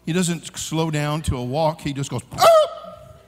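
Man, preacher, high voice, animated comic storytelling, long hall reverb. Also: normal speed, a little hiss or hum. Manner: animated storytelling, shouting and laughing. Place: large conference hall.

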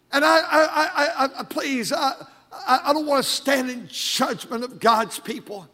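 High-voiced older pastor preaching with fervor. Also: male voice, measured pace. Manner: fervent preaching, rising to shouted emphasis. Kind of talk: sermon. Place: church sanctuary. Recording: long hall reverb.

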